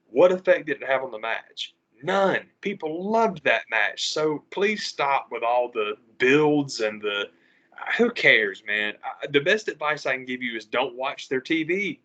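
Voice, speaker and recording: A man, co-hosting a podcast in an animated, profane ranting way. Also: medium pitch, measured pace. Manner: animated, profane ranting with mocking quoted voices. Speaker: podcast co-host. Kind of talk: casual podcast chat. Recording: slightly dull lo-fi audio.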